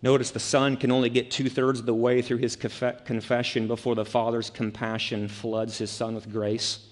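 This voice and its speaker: A man's voice: medium pitch, level tone, moderate pace. A male pastor preaching a sermon, emphatic and full of rhetorical questions. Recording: echoey hall.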